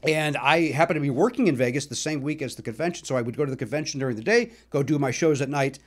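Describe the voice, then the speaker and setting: A middle-aged male comedian hosting his own podcast, telling self-mocking stories about records, with loud bursts and mumbled asides. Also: mid-range voice, fast. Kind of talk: comic solo monologue about records.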